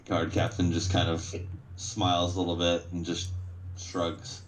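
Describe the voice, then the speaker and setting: A man's voice: deep voice, completely flat delivery, a little slow, a little hiss or hum, poor audio. A man narrating a tabletop game as game master over an online call, laid-back and full of fillers.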